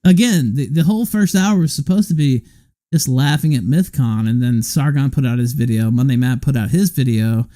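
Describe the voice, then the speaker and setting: A man's voice: mid-range voice, normal speed, dark tone. A man hosting a podcast in casual chat, asking questions with a sarcastic edge. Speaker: podcast host.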